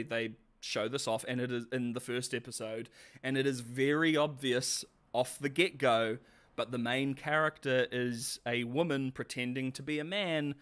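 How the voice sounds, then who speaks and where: A man's voice: medium pitch, fairly bright tone. Rambling, sarcastic male streamer. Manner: rambling and sarcastic, with frequent restarts. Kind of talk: casual live-stream commentary.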